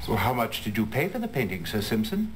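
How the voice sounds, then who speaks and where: An actor playing a shrewd male detective who questions witnesses in a crisp, probing way, in a 1990s video game. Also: on the low side, sing-song, a little fast, a little hiss or hum.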